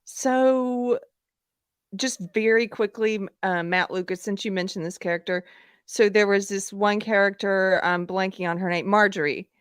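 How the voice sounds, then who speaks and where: A woman's voice: medium pitch, steady tone, normal speed, clean tone, no echo, clean studio sound. American woman hosting, fumbling for words. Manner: conversational, searching for words. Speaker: host. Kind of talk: casual chat.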